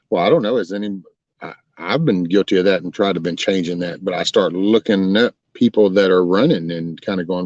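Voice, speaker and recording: A man's voice: sits low, steady tone, fairly quick, a little mellow, dry recording. A man, hosting a casual live stream and answering chat in a folksy, rambling way. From Texas. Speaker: live stream host chatting with viewers. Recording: dull lo-fi stream audio.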